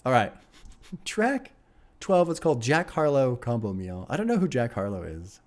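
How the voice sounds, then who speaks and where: A man at a middle pitch giving casual commentary on an album as its host. He talks with loose enthusiasm, laughs often and swears freely. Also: sing-song, moderate pace. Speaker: music reaction host.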